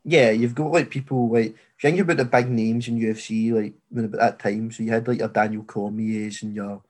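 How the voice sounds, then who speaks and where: A man hosts a laid-back sports chat, his sentences wandering and stuffed with fillers. When a point is challenged he gets louder and more animated, arguing it out with his co-host. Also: lowish voice, brisk. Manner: rambling, leans heavily on "like" as filler. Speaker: podcast host.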